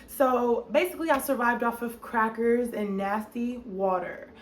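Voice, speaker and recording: Animated young woman telling a story. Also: a little high, measured pace. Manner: animated and expressive, many "like" fillers. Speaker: vlogger. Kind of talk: storytime narration. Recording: echoey room with faint noise.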